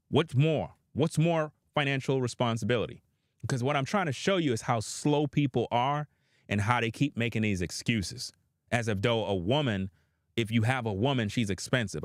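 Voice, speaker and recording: A man's voice: mid-range voice, dry recording, clean studio sound. A man giving opinionated reaction commentary, blunt and profane, addressing his viewers directly.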